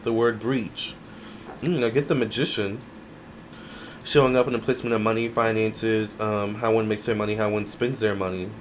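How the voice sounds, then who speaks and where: A man doing a casual tarot reading to camera, musing aloud in an unhurried way with many fillers. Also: fairly low pitch, steady tone, slight background noise. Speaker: tarot reader.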